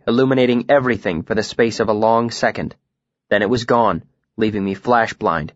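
Steady male audiobook narrator, dry sound. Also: mid-range voice, dry recording, dull audio. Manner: measured, steady storytelling. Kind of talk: first-person fantasy audiobook narration.

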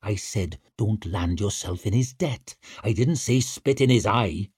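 A sour old chieftain mutters grimly, low and hushed, weary of the young, as a man puts him on. The storybook recording is dry and close. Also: a little slow, husky, no room sound. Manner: sour, grim, low and quiet. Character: sour, grim aging male chieftain.

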